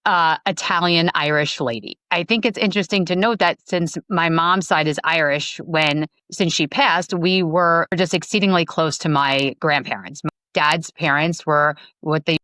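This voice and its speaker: 40s woman from long island on a podcast, kinda low voice, dead dry sound, talks fast and animated with lots of likes. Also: no echo. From Long Island, New York. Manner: animated, acts out quoted dialogue, many fillers. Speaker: podcast guest. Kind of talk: casual storytelling interview.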